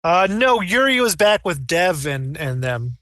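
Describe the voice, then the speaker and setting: A man narrating as game master of a tabletop game, rambling and animated, slipping into character voices. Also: fairly high pitch, unhurried, no room sound, clean studio sound.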